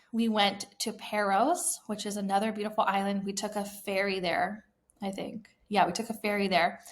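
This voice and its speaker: A woman in her thirties talks through her own story on a solo podcast. Her voice sits at a middling pitch, and she sounds enthusiastic and heartfelt, dropping casual fillers as she goes. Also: a bit bright. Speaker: podcast host. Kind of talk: personal storytelling monologue.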